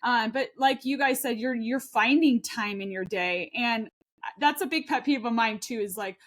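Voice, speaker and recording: A woman in her thirties co-hosts a casual podcast in a fairly high, slightly bright voice at a moderate pace. She's chatty and rambling, full of fillers and restarts, and comes across as earnest and heartfelt.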